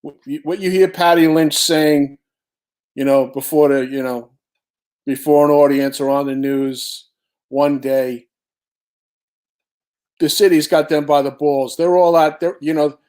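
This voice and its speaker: A man's voice: a little high, steady tone, unhurried, pauses often, a little mellow. A man from Long Island, New York, a podcast guest talking politics bluntly with fillers. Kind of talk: casual political talk.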